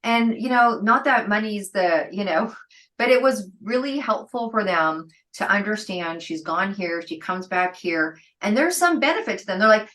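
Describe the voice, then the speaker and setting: A middle-aged woman talks as a guest on an interview, spinning stories with real liveliness. She slips into the voices of the people she quotes and laughs easily, and her voice sits at an ordinary middle pitch. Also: normal speed, poor audio. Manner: lively, acts out quoted dialogue, laughs often. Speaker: guest entrepreneur. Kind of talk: storytelling interview talk.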